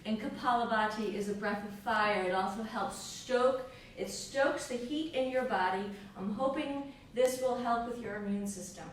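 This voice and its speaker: A woman leads a yoga class, her voice gentle and encouraging as she asks how you are feeling. She is heard from a distance in a strongly echoing room with a faint hiss behind her. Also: on the high side. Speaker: yoga teacher. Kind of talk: guided yoga class instruction. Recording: echoey room, mic far off, faint hiss.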